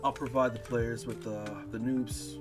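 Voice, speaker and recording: Male guest streamer who laughs a lot and swears freely, slow-talking, with music behind him. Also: medium pitch, little pitch movement. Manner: laughing often, swears casually. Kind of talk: casual live-stream chat.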